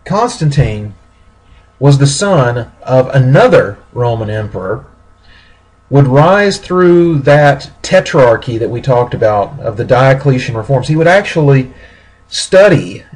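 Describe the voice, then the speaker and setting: Male lecturer, slightly raspy voice, measured teaching delivery with restarts. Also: medium pitch, rough recording. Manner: steady explanatory pace with pauses and self-corrections. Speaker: history lecturer. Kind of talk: recorded classroom lecture.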